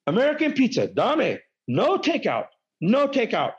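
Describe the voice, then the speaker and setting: A flustered waitress squeals her protests in choppy broken English, as a man mimics her. Her voice jumps high and sharp. The recording sounds dull and lo-fi. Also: wildly swooping pitch, a little slow, full character voice. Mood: frantic. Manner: shrill broken-English pleading. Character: scolding waitress abroad, woman, flustered.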